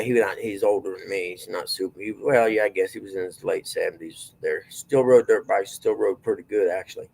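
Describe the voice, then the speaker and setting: A man's voice: lowish voice, creaky, a little mellow, low-quality recording. A middle-aged man, telling long rambling stories in a folksy, drawling casual chat.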